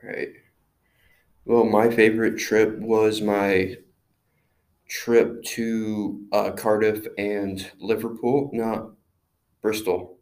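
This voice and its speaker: A young man with a slightly low voice chats with a student group in a slow, halting way. His voice has a gravelly edge. His delivery stays flat throughout. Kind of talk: casual chat.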